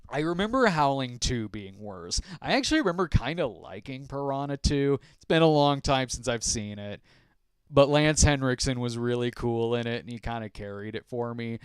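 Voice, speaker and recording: This is a dry, studio-quality recording of a middle-aged podcast host chatting casually while answering viewer questions on a live stream. His voice is mid-range and smooth. He tends to ramble, restarts his sentences frequently, fills gaps with fillers and laughs softly.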